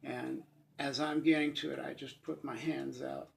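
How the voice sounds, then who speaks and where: Middle-aged man, gravelly, telling his life testimony earnestly, halting, near tears. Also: medium pitch, little pitch movement. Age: 50s. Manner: earnest, halting, with restarts and pauses. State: moved to tears at times. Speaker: sharing a personal testimony. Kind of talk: emotional first-person testimony.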